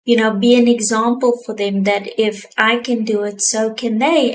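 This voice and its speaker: A young South African woman speaks to camera in a personal vlog, heartfelt and reflective, earnest, slow, and thoughtful. Her voice sits on the high side, and the poor audio carries slight background noise.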